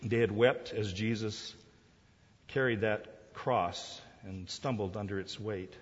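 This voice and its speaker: Husky preacher in an echoing hall. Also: male voice, lowish voice, slow. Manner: emphatic, with rhetorical questions. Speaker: pastor. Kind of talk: sermon. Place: large hall. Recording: dull sound in a reverberant hall.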